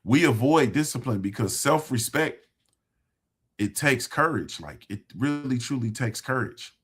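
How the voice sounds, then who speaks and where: Emphatic man with a husky voice. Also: medium pitch, expressive, a little slow. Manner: conversational, emphatic, repeats phrases for emphasis. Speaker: host. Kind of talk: motivational talk to viewers.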